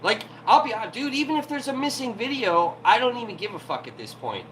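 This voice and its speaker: A man's voice: extremely high pitch, big pitch swings, fairly quick, fairly bright tone, a little hiss or hum, rough recording. A man hosting a livestream from home, ranting heatedly and profanely in an irritated tone. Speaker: livestream host.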